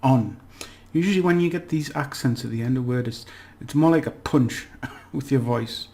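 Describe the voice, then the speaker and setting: A man giving a relaxed, chatty language lesson, slowly repeating words for practice and laughing at his own slips. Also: medium pitch. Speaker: language teacher. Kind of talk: casual spoken language lesson.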